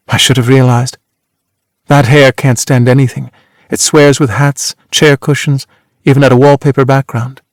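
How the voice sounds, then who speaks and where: A man voicing a worldly former actress, a woman with a brisk, teasing, cutting way of talking, in an audiobook reading. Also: mid-range voice, a little mellow, no echo, clean studio sound, close to an everyday voice.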